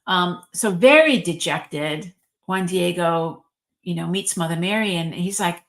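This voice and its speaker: A woman with a lower voice gives a relaxed spiritual talk as a reverend. She retells an old religious story in a chatty, storytelling way, dotted with ums and likes. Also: a little slow. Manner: chatty and warm-hearted, frequent ums and likes, lively storytelling.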